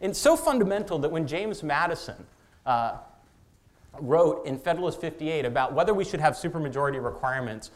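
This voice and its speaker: A man giving a public lecture on policy, his voice sitting a little high for a man. He talks haltingly, restarting phrases and filling the gaps with "uh" and "um". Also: big pitch swings. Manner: halting, with many restarts and fillers.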